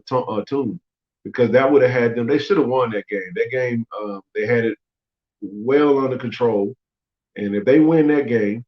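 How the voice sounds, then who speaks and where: A man hosting a sports podcast, talking casually and teasing rival fans, his voice jumping up when he gets worked up. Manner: animated, teasing, rising high when excited. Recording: roomy, dull lo-fi sound.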